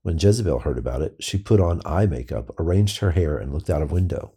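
A man reading scripture aloud in a steady, measured way. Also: extremely low pitch, husky. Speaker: scripture reader.

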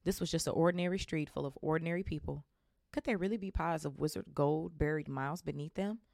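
A woman with a low voice reads a novel aloud for her podcast. She keeps a casual tone and drops amused asides. The sound is close and dry. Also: no echo. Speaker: podcast host.

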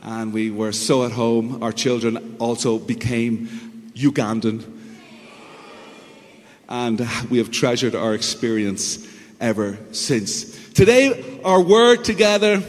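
A man preaching a sermon as pastor, telling stories in an animated way with sound effects and imitations. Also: mid-range voice, takes it slowly, big-room sound.

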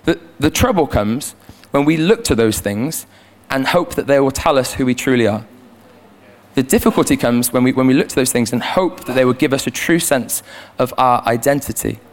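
A man's voice: mid-range voice, animated, moderate pace. A young man giving a conversational sermon in church as a youth leader, earnest and prone to repeating words as he restarts his sentences, speaking into a handheld microphone.

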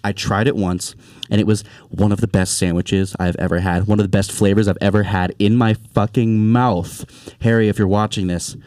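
Give me an animated young male podcast host who swears freely. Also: on the low side, normal speed, no room sound, clean studio sound. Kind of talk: casual chat.

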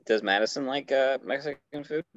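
A man's voice: mid-range voice, normal speed, no echo. A man co-hosting a casual podcast, joking loosely and sounding a little tipsy after a day of drinking. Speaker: podcast co-host. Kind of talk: casual chat. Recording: dull, dry lo-fi sound.

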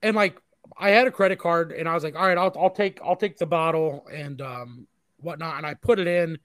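A man's voice: a little high, a little fast, a bit bright, no room sound, clean studio sound. A married man telling a long rambling story in casual chat, full of profanity and fillers.

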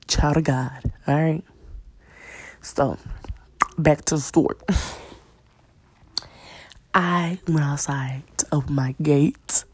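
A young woman spins a casual storytime in a low, slow voice with plenty of gravelly fry. Her delivery is slangy and blunt, and she drops into whispers often. The sound is close and dry, with a husky edge. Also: a little mellow, dry recording. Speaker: storyteller vlogger.

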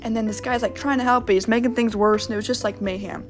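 A woman's voice: a little high, fast talker, faint music behind. A young woman hosting a podcast, telling a travel story in a rambling, casual way with plenty of swearing. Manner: rambling, profane, animated retelling. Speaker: podcast host.

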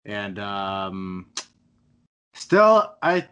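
A man's voice: lowish voice, sing-song, drawn-out words, bright, forceful tone, smooth, dull audio. A man hosting a movie podcast, chatting casually with friends in a rambling, self-deprecating way with lots of hesitation. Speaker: podcast host. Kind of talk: casual chat.

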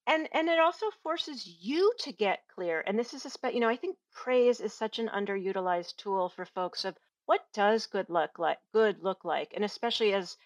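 A woman on a podcast who trains people in giving feedback, telling lively stories and acting out quoted voices, laughing often. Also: mid-range voice, moderate pace, hardly any pauses, no room sound. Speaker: guest, workplace feedback trainer. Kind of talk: casual podcast conversation.

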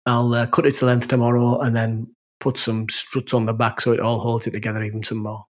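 A man's voice: mid-range voice, monotone. A man with a northern English accent, telling stories in casual chat as podcast co-host. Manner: rambling storyteller, quick to laugh.

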